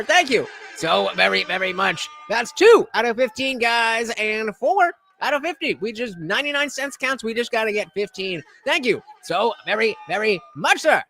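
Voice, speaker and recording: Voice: mid-range voice, lively intonation, moderate pace, hardly any pauses, sharp tone. A live-stream host giving sarcastic commentary on clips and thanking viewers for donations.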